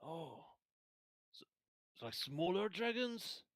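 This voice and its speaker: A man's voice: high-pitched, very animated, takes it slowly, a bit bright, pitched above the performer's own voice, full character voice. A man voicing a talkative soldier escort who keeps asking questions. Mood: curious. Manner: wondering, questioning tone.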